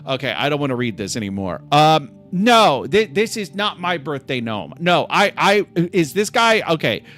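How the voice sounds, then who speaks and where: A man's voice: a little high, sing-song, moderate pace, a bit bright, faint music behind. A man hosting a casual live stream, sarcastic and full of mock outrage. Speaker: livestream host.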